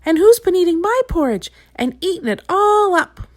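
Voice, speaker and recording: Woman doing a tiny squeaky bear cub. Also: sing-song, normal speed. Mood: indignant.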